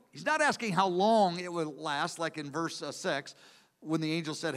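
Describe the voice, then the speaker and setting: A man's voice: on the high side, moderate pace, fairly bright tone. A man preaching a teaching sermon from Bible study notes, earnest and emphatic, repeating key words for stress.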